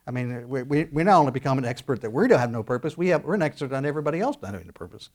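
A man preaching a sermon, animated, acting out quoted voices as he goes. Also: medium pitch, racing. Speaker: pastor.

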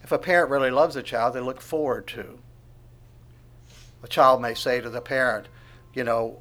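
A man preaching a sermon, asking the congregation questions and swinging from quiet asides to loud proclamation. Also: mid-range voice, fairly even intonation, moderate pace. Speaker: pastor.

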